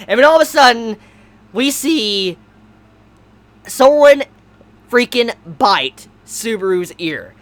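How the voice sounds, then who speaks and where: High-voiced, excitable woman reviewer. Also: a little slow, long pauses. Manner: animated, swearing, outbursts of shouting. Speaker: anime reviewer. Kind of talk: casual video review.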